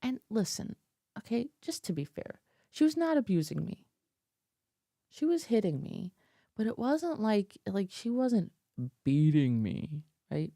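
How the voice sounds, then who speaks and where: Slow, gravelly woman telling a story. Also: mid-range voice, very animated, mellow, no room sound, studio quality. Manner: chatty, filler-heavy, laughing as she tells it. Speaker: vlogger. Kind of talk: personal storytelling. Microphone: desk mic close up.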